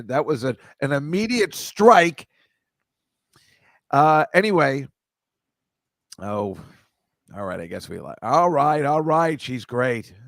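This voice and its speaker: A man with a medium-pitched voice hosts a live stream, reading viewer comments and chatting casually with no room sound. He rambles through a story, cutting himself off and tossing in joking asides.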